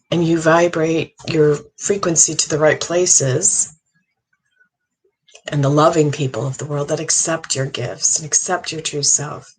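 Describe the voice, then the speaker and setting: Slow, husky-voiced woman speaking earnestly. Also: deep voice, low-quality recording. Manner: slow, earnest, halting with restarts. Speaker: psychic medium. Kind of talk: casual monologue.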